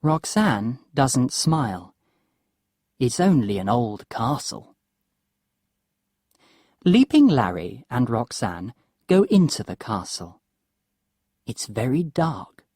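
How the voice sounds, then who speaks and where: A woman narrating a simple story slowly and deliberately for English learners. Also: extremely low pitch, very animated, warm tone, no echo, clean studio sound. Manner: slow, clear and deliberate.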